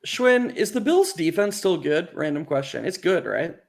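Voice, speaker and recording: A man co-hosting a casual sports chat, talking in a halting, rambling way with many fillers and false starts. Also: fairly high pitch, big pitch swings, vocal fry. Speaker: co-host.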